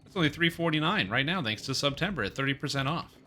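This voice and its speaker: A man's voice: a little high, lively intonation, fast, pushed and bright, soft background music. A man in his thirties streaming a game, joking and rambling as he reads chat aloud. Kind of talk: casual stream chat while gaming.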